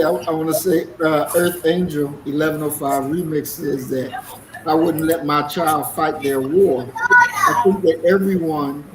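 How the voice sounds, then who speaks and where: A male talk-show host who reads viewer comments aloud and puts pointed questions to his guest in a measured way. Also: a little high, background noise. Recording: echoey room.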